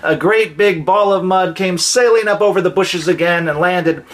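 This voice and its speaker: A man's voice: high voice, normal speed. Man reading a children's story. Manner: gentle, expressive read-aloud.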